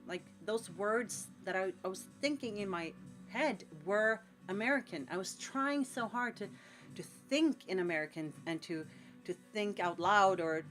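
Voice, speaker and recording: A Scandinavian woman in her forties, a tattoo artist chatting with viewers on a late-night live stream while painting at home. She rambles and encourages, with lots of "like.". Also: fairly low pitch. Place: at home in a cold room, painting.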